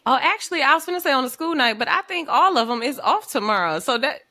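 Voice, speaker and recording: A woman's voice: sits high, expressive, quick pace, pushed and bright, dry recording. A woman co-hosting a faith podcast, laid-back and laughing often in casual chat. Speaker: podcast co-host.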